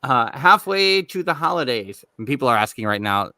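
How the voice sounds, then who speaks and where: Bright-voiced New man chatting. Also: medium pitch, sing-song, normal speed, no echo. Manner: rambling, restarts with many fillers. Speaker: podcast co-host. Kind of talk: casual chat.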